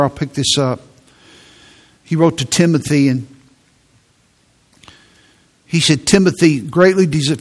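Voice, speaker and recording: Earnest male preacher, raised voice. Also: fairly high pitch. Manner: earnest, repeats words when stressing a point. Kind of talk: sermon.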